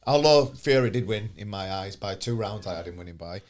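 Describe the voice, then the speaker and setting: A man giving opinionated, quick-fire views in casual podcast chat and repeating his points. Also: fairly low pitch, lively intonation. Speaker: podcast guest. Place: podcast studio.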